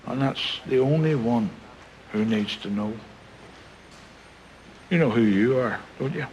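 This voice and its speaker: An actor playing an older grandfather from Belfast, telling stories with dry humour and gentle warmth. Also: medium pitch, unhurried, dull audio, slight background noise, close to an everyday voice. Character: wry, warm-hearted old Belfast grandfather.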